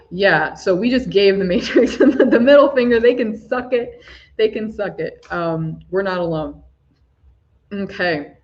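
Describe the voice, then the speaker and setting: A woman hosting a live spiritual talk for chat viewers, soft-spoken and gushing, often breaking into laughs. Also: low-pitched, lo-fi sound. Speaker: spiritual livestream host.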